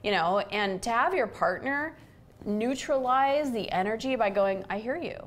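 This middle-aged host has a fairly high, animated voice and a measured pace. In a casual talk about relationships, she tells a day-to-day story and acts out what people said.

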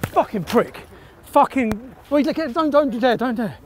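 Shouting, swearing man. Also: extremely high pitch, measured pace, crowd noise. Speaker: activist filming a confrontation. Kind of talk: heated street confrontation. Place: outdoor car park.

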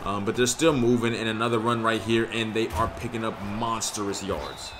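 Excitable young man narrating his gameplay. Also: on the low side, moderate pace, background noise. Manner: excitable, frustrated, slangy. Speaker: gaming YouTuber. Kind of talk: casual gameplay commentary.

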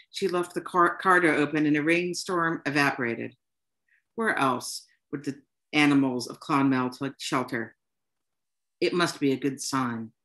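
A woman author reading her own short story aloud to an audience, in a plain, unhurried storytelling manner. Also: low voice. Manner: unhurried, plain storytelling delivery with soft "um" fillers.

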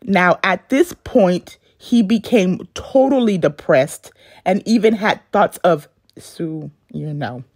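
A woman's voice: lowish voice, lively intonation, takes it slowly, darkish tone, no echo, studio quality. A woman narrating a celebrity life story in a chatty video style, with casual asides to her viewers. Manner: chatty asides, self-conscious about censored words. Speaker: YouTube narrator.

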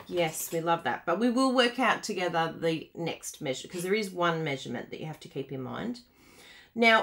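Bubbly bright-voiced woman demonstrating crafts. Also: mid-range voice. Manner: chatty, laughs often, reads out viewer comments. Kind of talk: live card-making tutorial.

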